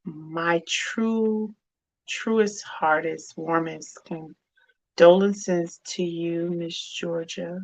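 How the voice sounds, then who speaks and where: Her voice sits low but sounds fairly bright as this middle-aged woman hosts a grief discussion for women. She speaks openly and from the heart in a loose, rambling style, often restarting sentences and using lots of fillers.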